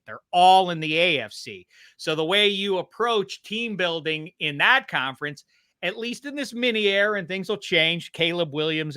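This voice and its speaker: A man from the Pittsburgh area, a guest on a football podcast, talking in a rambling, animated way about teams and accents. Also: fairly high pitch, smooth, dry recording, clean studio sound. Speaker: guest commentator. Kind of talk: casual podcast chat.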